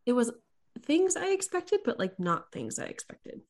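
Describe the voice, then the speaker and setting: A young woman co-hosts a podcast with a fairly high voice whose pitch swoops wildly, speaking at a moderate pace. She chats casually and tells stories, adding playful voiced quotes.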